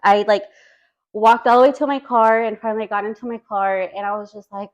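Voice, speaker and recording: A woman's voice: medium pitch, steady tone, brisk, dull audio. A woman guest on a podcast telling a personal story in casual chat. She talks earnestly and fills her speech with "like" and "you know.".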